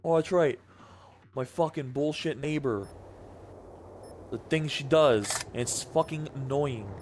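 A man's voice: a little high, a little slow, faint music behind. A tired young man hosting casual gameplay commentary, profane and cranky, swearing constantly. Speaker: gaming channel host.

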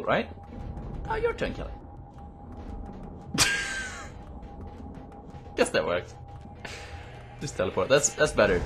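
A young let's play host gives casual, excitable gaming commentary, teasing his teammate and swearing at him. The recording comes from a noisy, low-quality webcam mic.

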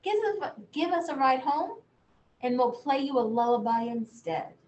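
A woman's voice: high-pitched, lively intonation, measured pace, darkish tone, recorded from a distance, a little hiss or hum. A woman voicing a band of tired, drowsy musicians in a bedtime story, in an echoey room. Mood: weary.

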